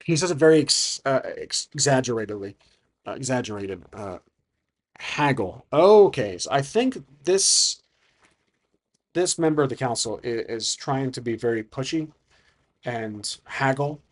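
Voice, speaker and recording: A man's voice: medium pitch, lively intonation, a little slow. A man narrating a solo tabletop game, thinking aloud and hesitant, with frequent restarts.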